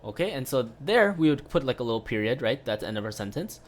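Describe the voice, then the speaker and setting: A man's voice: mid-range voice, fast. Casual male piano teacher explaining at the keyboard. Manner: relaxed, explanatory, frequent "right?" tag questions and fillers. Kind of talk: casual online piano lesson.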